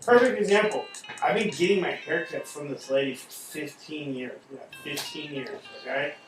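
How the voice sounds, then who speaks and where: A man talking in a casual chat, animated and swearing often, acting out quoted people as he rants. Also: a little high, moderate pace, very echoey, recorded from a distance, soft background music, low-quality recording. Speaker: podcast host.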